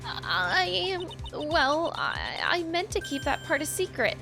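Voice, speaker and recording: A woman's voice: sits high, very animated, unhurried, voice pushed up, exaggerated voice. A woman voicing a frightened young woman witness who pleads and falters. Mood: pleading. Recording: game music behind.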